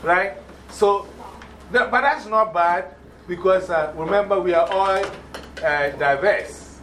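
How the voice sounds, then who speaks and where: African-accented man, upper-pitched, emphatic motivational speaker in a classroom; light background hiss. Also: takes it slowly, fairly bright tone, low-quality recording. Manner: emphatic, repeats points and checks understanding with questions. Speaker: guest speaker to schoolchildren. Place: school classroom.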